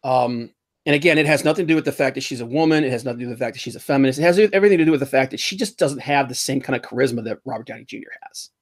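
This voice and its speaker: A man hosting a casual pop-culture podcast, rambling and animated, often laughing as he mocks what he talks about. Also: medium pitch, racing. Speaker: podcast host.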